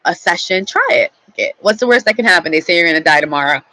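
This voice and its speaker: A woman's voice: on the low side, expressive, fast, sharp tone, rough recording. A young woman vlogger telling a story in a chatty, rambling way, swearing freely. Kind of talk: casual storytelling to camera.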